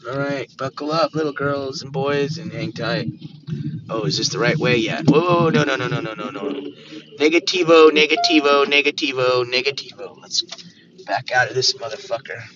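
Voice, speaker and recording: A man's voice: mid-range voice, moderate pace. A man live-streaming while he drives, chatting loosely to his viewers and to himself through a Bluetooth mic in the car. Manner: rambling, talks to himself and chat, playful nonsense words. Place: inside a car. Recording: dull lo-fi stream audio with road noise.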